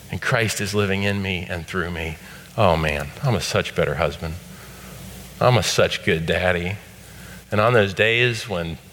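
A middle-aged man delivers a sermon from the pulpit of a church sanctuary. His voice is bright and forward, easygoing in the asides and lifting with force on the quoted scripture. A long hall reverb trails each phrase. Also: on the low side. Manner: conversational preaching, rising to emphatic scripture quotes. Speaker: pastor.

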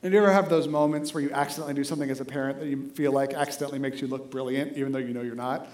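A man's voice: mid-range voice, racing, roomy sound. A man in his thirties preaching a sermon, telling a story with jokes and acting out the dialogue. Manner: animated, acts out dialogue, jokes with the congregation. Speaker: pastor.

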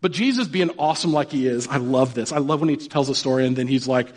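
A man preaching a sermon in a relaxed, conversational way, joking and putting questions to his listeners. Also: mid-range voice, quick pace, a little hiss or hum. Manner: casual and joking, asks the audience questions. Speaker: pastor.

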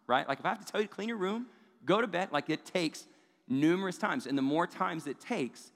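A man's voice: a little high, expressive, fairly quick, fairly bright tone, big-room sound. A man and father preaching a sermon in a conversational way, often tossing in rhetorical "right?" asides. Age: adult parent of young children. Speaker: pastor.

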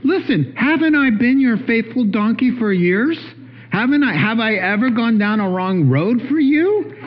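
A man voicing an indignant, long-suffering female donkey who complains in a squeaky, exasperated way. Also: big pitch swings, a little slow, heavily acted. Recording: dull lo-fi recording.

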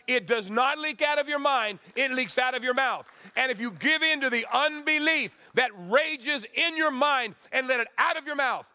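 A man in his sixties, a pastor preaching a sermon with emphatic swings between loud and soft. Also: very high voice.

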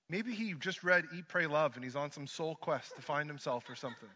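A man preaching a sermon, swinging from hushed lines to loud ones and mixing in joking asides. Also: on the high side, brisk. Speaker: pastor. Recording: dull lo-fi sermon recording.

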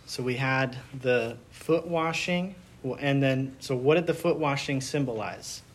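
A man's voice: mid-range voice, measured pace. A man leading a Bible study group, teaching in a casual, conversational way, asking the group questions and retelling scenes.

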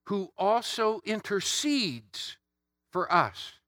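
A man's voice: high voice, big pitch swings, slow pace, pauses often, sharp tone, no echo, clean studio sound. A man preaching an Easter sermon, emphatic, building through repeated phrases.

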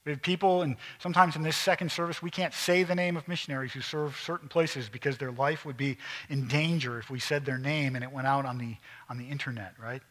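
Delivering a sermon fairly quickly, a middle-aged male pastor has a mid-range voice with fairly even intonation. At moments he grows emphatic, then drops into hushed, intense asides.

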